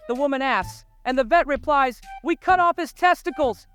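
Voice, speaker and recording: A woman's voice: high-pitched, moderate pace, hardly any pauses. A woman telling jokes and laughing at her own punchlines. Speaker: joke teller. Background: faint music.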